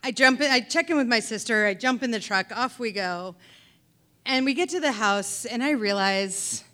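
A middle-aged woman telling a personal story on a theater pub stage, animated and wry, swinging between loud and hushed delivery. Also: on the high side.

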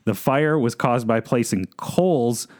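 A man's voice: mid-range voice, slow pace, darkish tone. A man co-hosting a real estate podcast, chatting casually and reading oddball news stories in a newsreader manner. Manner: reads news items in a mock radio style. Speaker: podcast co-host.

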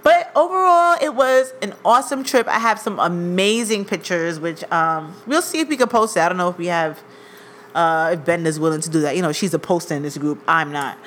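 A woman's voice: on the low side, fairly quick, a little hiss or hum. A woman co-hosting a casual podcast, telling travel stories and acting out the people in them. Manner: animated, acts out quoted voices. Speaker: podcast co-host. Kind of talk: casual chat, storytelling.

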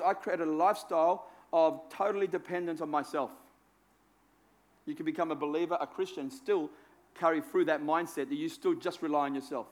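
A man preaching a sermon in a conversational, self-deprecating way, repeating phrases for emphasis. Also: on the high side. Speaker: pastor.

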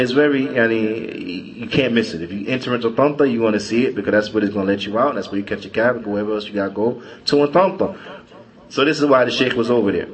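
Male teacher, mid-pitched, loose storytelling lecture, lots of restarts. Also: rough recording. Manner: storytelling, halting with many restarts and repeated words. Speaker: religious class teacher. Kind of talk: conversational religious lecture. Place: mosque.

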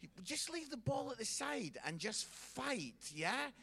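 A Scottish man works a stand-up crowd in a chatty storytelling style. His voice sits high and bright, and it swings up and down a lot as he tells the story and keeps the audience involved. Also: sing-song, measured pace, vocal fry, husky. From Scotland. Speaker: stand-up comedian. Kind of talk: stand-up comedy routine.

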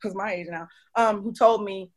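A woman in her forties hosting a talk show, telling a personal story in a casual, animated way, laughing often and acting out quotes. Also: mid-range voice, normal speed.

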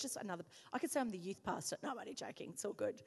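Woman pastor, sermon, lively self-mocking storytelling, high voice, long hall reverb. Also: very fast, few pauses, slightly rough. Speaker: senior pastor.

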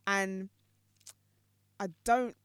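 A woman's voice: medium pitch, drawn-out words, smooth, no room sound. A woman co-hosting a casual podcast chat, telling stories animatedly and acting out voices. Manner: animated storyteller, acts out voices. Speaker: podcast co-host.

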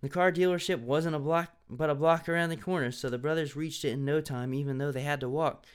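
A man's voice: a little high, steady tone, a little fast, clean tone. Playful man reading a story aloud. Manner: playful, laughing at the text. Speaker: story reader.

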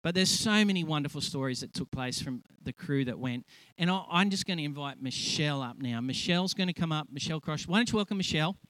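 Animated man telling a church story. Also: a little high, fast talker, few pauses, no echo, poor audio. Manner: animated storytelling, acts out quotes loudly. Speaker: church speaker. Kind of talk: testimony sermon.

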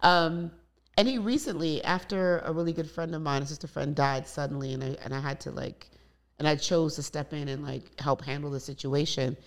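A woman's voice: deep voice, steady tone, fairly quick. A woman in candid conversation, telling personal stories openly with many asides. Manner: open, storytelling with many asides. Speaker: guest.

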